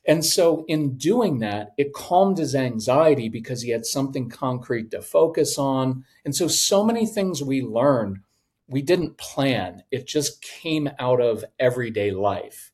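A man's voice: medium pitch, measured pace. A middle-aged man, a podcast guest, telling stories in a conversation and acting out voices in his anecdotes. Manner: animated, acts out voices in anecdotes. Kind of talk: storytelling in a conversation.

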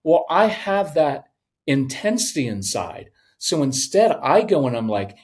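Middle-aged man, podcast guest, animated storyteller who slips into voices. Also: on the high side, a little slow. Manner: animated, acts out voices in anecdotes. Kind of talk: storytelling in a conversation.

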